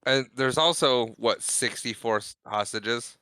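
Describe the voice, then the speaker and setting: A man's voice: mid-range voice, unhurried, bright, forceful tone, smooth, dry recording. A man co-hosting a casual podcast, chiming in with short, dry remarks. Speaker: podcast co-host. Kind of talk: casual chat.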